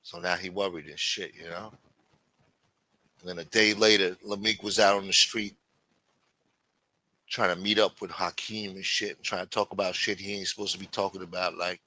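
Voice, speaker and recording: A man's voice: low voice, steady tone, normal speed, long pauses, bright, forceful tone, no room sound. A man hosting a livestream and telling a crime story in casual, profane street talk. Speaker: livestream host.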